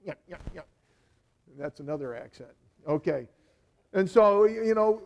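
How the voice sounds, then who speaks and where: A man's voice: sits high, lively intonation, measured pace, a little mellow. A male pastor giving a sermon in a conversational way, full of "you know" asides and words repeated for emphasis.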